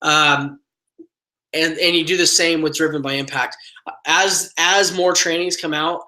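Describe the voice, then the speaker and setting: Male online trainer, bright, upbeat motivational delivery, loose and filler-heavy. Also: on the high side, a little slow, poor audio. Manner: energetic motivational coaching, many fillers. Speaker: team trainer. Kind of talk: live online training webinar.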